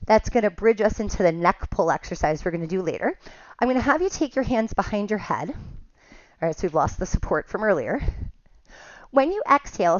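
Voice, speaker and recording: A woman teaching a pilates class, giving calm step-by-step cues and counts, a little out of breath at times. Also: mid-range voice, dry recording, lo-fi sound. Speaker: pilates instructor. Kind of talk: guided exercise class cues.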